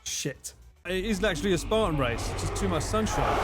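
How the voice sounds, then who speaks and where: Guy streaming live, kinda high voice, swears a lot, jokey with chat. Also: expressive, moderate pace, over loud music. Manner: joking, sweary banter with chat.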